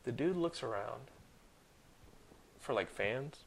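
Gravelly podcast host guy in his 30s, mid pitch, rants and swears telling a story. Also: unhurried, pauses often, slight background noise. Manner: animated storyteller, swears freely, rants loudly. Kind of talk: casual chat.

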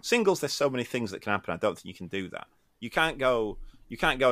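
A man who coaches tennis, co-hosting a casual podcast and talking in an animated way with frequent restarts. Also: fairly low pitch, fast, dry recording. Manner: animated, restarts often, acts out quotes.

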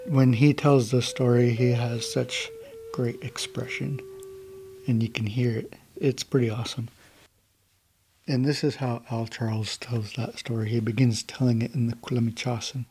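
A calm, laid-back young man from the United States, telling a traditional story to a gathering. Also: mid-range voice, normal speed, slight background noise.

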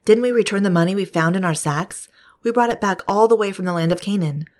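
A woman's voice: medium pitch, quick pace, a little mellow, lightly acted. A woman reading the lines of a group of adult brothers protesting their innocence. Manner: protesting, earnest read-aloud delivery.

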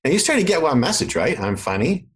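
With a slightly high, slightly rough voice, a fast-talking Canadian man whose accent has mostly faded chats casually about marketing. He animatedly acts out quoted voices, and the recording is low quality.

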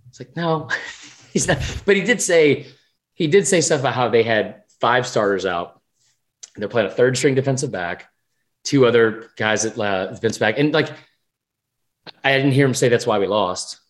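A man co-hosting a sports podcast, talking in a rambling, animated, profane way. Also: medium pitch, moderate pace. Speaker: podcast co-host. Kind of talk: casual sports chat.

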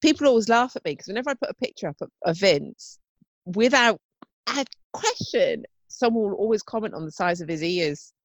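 A woman's voice: medium pitch, animated, brisk, no room sound. A young woman co-hosting a podcast, chatting casually, swearing and laughing easily. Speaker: podcast co-host. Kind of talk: casual chat.

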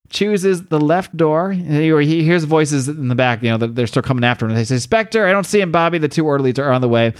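Rambling man recapping a comic. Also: mid-range voice. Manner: rambling, laughs while retelling. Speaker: podcast host.

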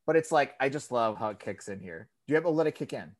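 A man co-hosting a podcast in casual chat, animated and profane, often mimicking voices when he quotes people. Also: medium pitch, fast. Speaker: podcast co-host.

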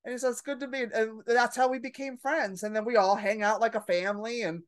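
A middle-aged woman comedian telling brash stories in a casual podcast chat, acting out her own reactions loudly. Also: fairly high pitch, a little fast, dry recording. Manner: brash storyteller, loud animated re-enactments. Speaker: comedian guest.

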